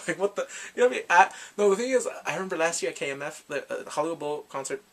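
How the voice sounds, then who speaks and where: A man's voice: fairly high pitch, lively intonation, racing. A grown man chatting casually as a YouTube reviewer, rambling and fanboyish about a show he loved. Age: adult.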